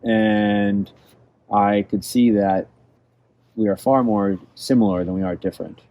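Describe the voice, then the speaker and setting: A man's voice: lowish voice, fairly even intonation, unhurried, mellow, a little hiss or hum. A man from California answering interview questions as a guest, telling travel stories in a reflective, enthusiastic way. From California, USA. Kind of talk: casual interview conversation.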